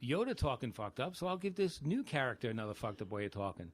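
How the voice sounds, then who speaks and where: A man's voice: medium pitch, sing-song, fast talker, no room sound. A man co-hosting a movie podcast in casual chat, sardonic and blunt. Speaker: podcast co-host.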